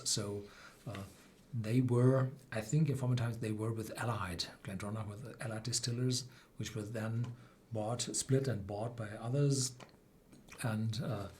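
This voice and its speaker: A man hosting a live whisky tasting, explaining slowly with many fillers and restarts. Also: fairly low pitch, a little mellow, a little hiss or hum. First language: German. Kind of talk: live-stream tasting chat.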